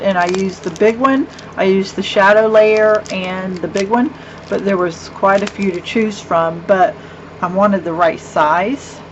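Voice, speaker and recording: A middle-aged woman casually showing her handmade cards, chatty and rambling, with gushing asides. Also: mid-range voice. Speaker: card-making vlogger. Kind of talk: casual craft show-and-tell. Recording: dull lo-fi with faint hum.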